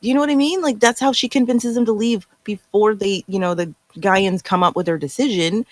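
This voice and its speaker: A woman co-hosting a fan podcast, talking in an animated, exasperated way and acting out characters' lines. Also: mid-range voice, fairly quick, no room sound. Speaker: podcast co-host. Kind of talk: casual fan discussion.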